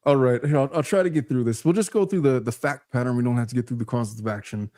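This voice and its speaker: Blunt, wry man with a mellow voice. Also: medium pitch, quick pace, no room sound, clean studio sound. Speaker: lawyer guest. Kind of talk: casual chat.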